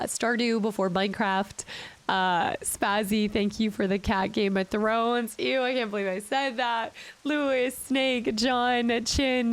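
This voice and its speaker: A woman game streamer with a sick-sounding voice, chatting casually and thanking her viewers by name at the end of a stream. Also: fairly high pitch. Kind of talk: casual stream sign-off chat.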